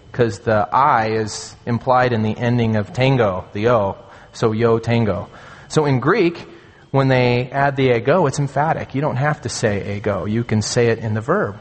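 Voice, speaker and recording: A man preaching a sermon as a pastor, earnest and emphatic, slowing down to stress key phrases. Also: medium pitch. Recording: long hall reverb.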